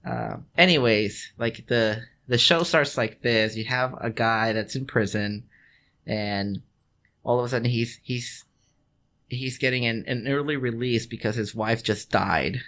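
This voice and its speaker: A man's voice: mid-range voice, unhurried, fairly bright tone. A man co-hosting a podcast in casual chat, rambling and swearing, with many restarts and laughs. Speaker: podcast co-host.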